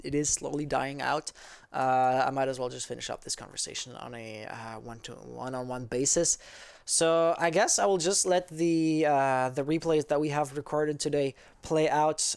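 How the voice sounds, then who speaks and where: Man, Quebec French accent, smooth clear voice, casual streamer chatting with viewers. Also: a little high. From Quebec, Canada. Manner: rambling and easygoing, answers chat as he reads it. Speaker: esports caster and streamer. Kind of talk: casual livestream chat with viewers.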